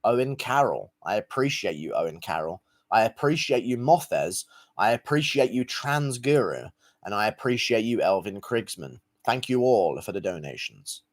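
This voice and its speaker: A man's voice: lowish voice, big pitch swings, moderate pace. A young man livestreaming, reading out donations in crude, profane, mocking banter. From England. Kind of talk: casual live-stream chat.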